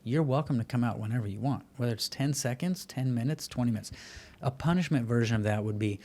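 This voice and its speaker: A man's voice: medium pitch, fast, few pauses, darkish tone. A man talking in an interview in an earnest, explanatory way, acting out quoted voices as he goes. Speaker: podcast guest. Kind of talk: conversational interview.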